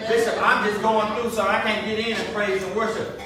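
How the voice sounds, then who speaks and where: High-voiced preacher in an echoey church. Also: male voice, moderate pace, crowd noise. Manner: emphatic, animated, talks to the congregation. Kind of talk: sermon. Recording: echoey room from far off, faint noise.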